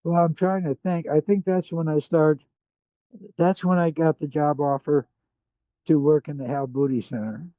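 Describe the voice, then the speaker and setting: An older man tells animated stories as a guest in a casual chat, quoting other people along the way. His voice sits a little high. The sound is dry and close but dull and lo-fi. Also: moderate pace, no room sound.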